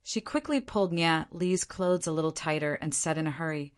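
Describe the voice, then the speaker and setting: A woman reads a novel aloud as an audiobook narrator. Her voice sits a little low for a woman, and she keeps the storytelling steady and even. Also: a little fast.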